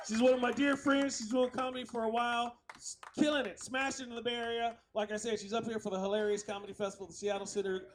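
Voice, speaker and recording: A man's voice: very high-pitched, little pitch movement, fast, a little hiss or hum. A man hosting a live comedy show, hyping up and introducing the next act.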